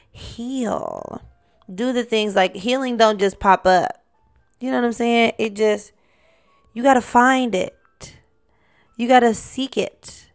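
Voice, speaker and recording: Animated woman hosting a solo podcast. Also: mid-range voice. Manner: animated, talks to listener directly, sings snippets. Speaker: podcast host. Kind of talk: casual solo podcast talk.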